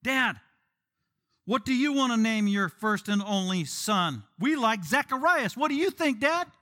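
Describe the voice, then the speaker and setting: A man's voice: very high-pitched, lively intonation, measured pace, pushed and bright, voice pushed up, heavily acted. A man voicing a crowd of pushy, meddling relatives who speak insistently and wheedle.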